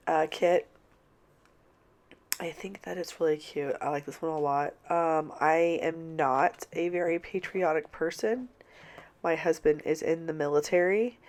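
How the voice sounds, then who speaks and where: A middle-aged woman records a casual voiceover while sick, her voice stuffy and blocked from a cold, with a gravelly, creaky edge. She rambles and keeps apologizing as she talks into her mic at home. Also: low voice, darkish tone. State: congested, stuffy-nosed from a cold. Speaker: planner vlogger.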